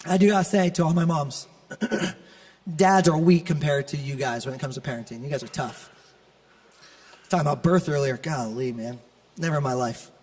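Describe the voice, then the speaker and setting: A male pastor preaching an animated, conversational sermon with humor to a church congregation. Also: a little high, normal speed, long reverb tail. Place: large church auditorium.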